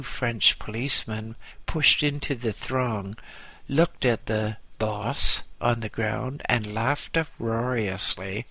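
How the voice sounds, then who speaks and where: A man reads his own story aloud in a measured, deliberate way, taking his time over each phrase. His voice is bright and forceful. The recording is dry and close. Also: on the low side, no echo, poor audio. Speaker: narrator. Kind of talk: first-person memoir audiobook narration.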